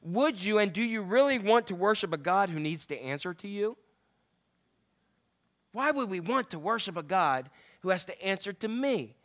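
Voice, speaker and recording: A man's voice: sits high, lively intonation, normal speed, fairly bright tone. A male preacher giving a conversational sermon that quotes scripture and asks the listeners direct questions.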